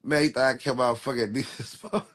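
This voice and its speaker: A man's voice: mid-range voice, fast talker, fairly bright tone. Young male rapper on a live stream, loose and rambling, heavy street slang, mid-range voice. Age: 20s. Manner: rambling street slang, repeats "real talk". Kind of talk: casual livestream talk.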